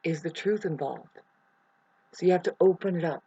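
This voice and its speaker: A vlogger talking in a meandering, free-associating monologue, with many restarts and pauses. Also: medium pitch, dark tone, slightly rough, no room sound. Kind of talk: rambling spoken monologue. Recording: dry, slightly dull lo-fi sound.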